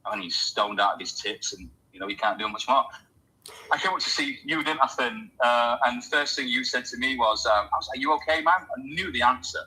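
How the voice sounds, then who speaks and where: A man with a husky, slightly breathy voice, hosting a relaxed chat. He tells a story with lively energy and slips into the voices of the people in it. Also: medium pitch, brisk, low-quality recording. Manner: animated storyteller, acts out quoted voices. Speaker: host.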